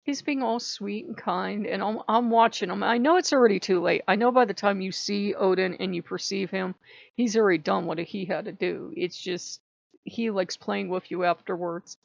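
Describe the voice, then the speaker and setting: Animated woman telling a story, dull dry sound. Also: medium pitch, moderate pace, vocal fry, no echo. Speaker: channel host. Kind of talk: casual vlog storytelling.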